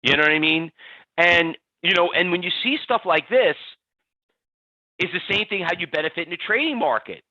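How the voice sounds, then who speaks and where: A man hosting a live trading webinar, talking in an energetic, chatty way and reading out audience answers by name. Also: high voice, normal speed, no room sound. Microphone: computer mic on a webinar stream. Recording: dull, slightly lo-fi webinar audio, dry.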